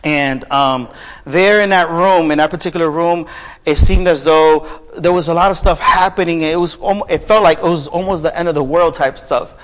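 A man preaching a sermon, telling a personal story softly and then rising into fervent preaching. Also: on the high side, normal speed. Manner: builds from soft storytelling to raised, fervent preaching.

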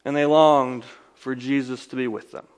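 A man preaching a sermon, telling a scripture story dramatically, swinging from loud emphasis to hushed lines. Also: medium pitch, flat delivery, moderate pace, clean tone, long reverb tail. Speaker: pastor.

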